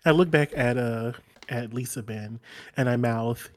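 Brief: excitable player in a tabletop game, mid pitch, giggly. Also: unhurried. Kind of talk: casual tabletop play.

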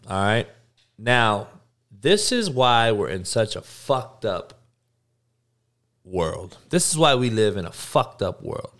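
Slow and sing-song, with long pauses, a fairly low, slightly bright male voice carries this live podcast rant. The host swears constantly, repeats lines for emphasis, and singles out listeners by name.

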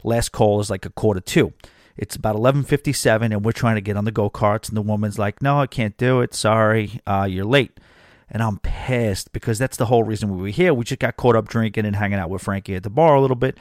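A man's voice: fairly low pitch, fast talker, no echo, clean studio sound. Chatty New podcast host, man. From New York. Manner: chatty and animated, with frequent fillers. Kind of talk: casual podcast storytelling.

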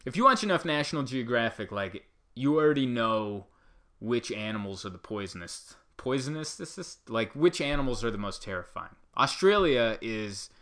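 A man delivering a rambling comedic monologue, animated and full of asides. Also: medium pitch, moderate pace.

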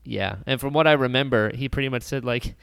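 A man co-hosting a podcast, telling stories in a relaxed, conversational way. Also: medium pitch, fairly quick, gravelly, clear, resonant tone, no room sound, clean studio sound. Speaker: podcast co-host. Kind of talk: casual chat.

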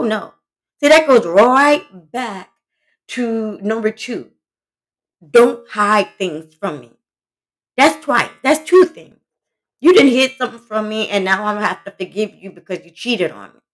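A woman's voice: on the high side, animated, a little slow, pauses often. A woman hosting a solo podcast, giving relationship advice in a blunt, emphatic, conversational way and talking straight to her listeners. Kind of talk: casual solo podcast talk.

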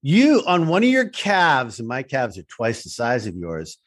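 A man's voice: medium pitch, wildly swooping pitch, measured pace, fairly bright tone. A man hosting a casual chat, reacting with jokes, laughs and frequent swearing. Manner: reactive, joking, swears freely.

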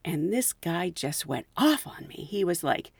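A woman hosting a podcast, telling stories from her work as a flight attendant in an animated way and often laughing. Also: on the low side, a little slow, gravelly, husky, no echo, clean studio sound. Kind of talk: anecdotal storytelling.

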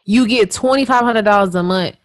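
A woman's voice: medium pitch, a little fast, dry recording. A woman co-hosting a casual gossip podcast, blunt and exasperated, swearing freely. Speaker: podcast co-host.

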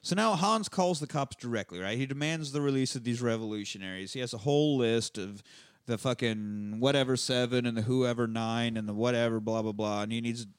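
A man on a podcast casually recapping a movie plot, swearing freely and jumping into quick character voices. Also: mid-range voice, clear, resonant tone, no echo, clean studio sound. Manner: profane, animated retelling with quick voices for characters. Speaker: podcast host. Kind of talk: casual movie rewatch chat.

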